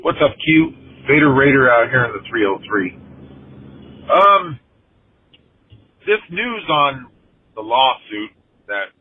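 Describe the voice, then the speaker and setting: A man's voice: mid-range voice, expressive, takes it slowly, long pauses, husky. A man calling in to a podcast, giving a passionate, heated opinion. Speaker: caller. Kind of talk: voicemail call-in message. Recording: tinny phone line.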